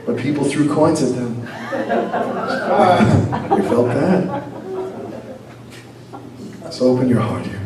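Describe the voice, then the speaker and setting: Man telling a story like a rabbi, lively, really echoey room, mic far off, noisy. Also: fairly high pitch, slow, pauses often, crowd noise. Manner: animated storyteller, sprinkles Yiddish words. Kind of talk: storytelling teaching.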